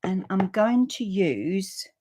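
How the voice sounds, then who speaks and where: A friendly woman talks viewers through a card project on a live stream from a room in her home. Her voice sits at an ordinary middle pitch, and her chat wanders in loose, rambling asides while she reads comments aloud. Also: expressive, slow, background noise. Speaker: papercraft demonstrator.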